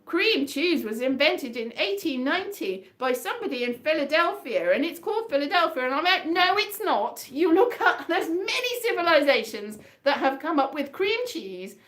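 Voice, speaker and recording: A woman's voice: high voice, very animated, moderate pace, few pauses, a bit bright. A woman hosting her own online fringe show, rambling chattily and self-mockingly, half singing her talk over a guitar. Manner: chatty, meandering, sing-song, self-mocking.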